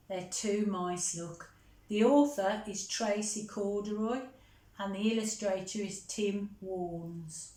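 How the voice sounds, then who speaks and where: Slow, gentle woman reading aloud. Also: mid-range voice, fairly even intonation. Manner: gentle, chatting to children between pages. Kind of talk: picture book read-aloud. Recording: roomy echo.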